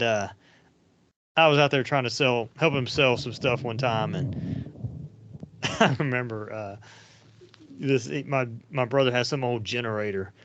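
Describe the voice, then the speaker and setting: A man hosts a podcast, telling rambling, anecdotal stories in casual chat with frequent fillers. His voice is mid-range and fairly bright. The recording is dry, with no room sound, and has a dull lo-fi quality.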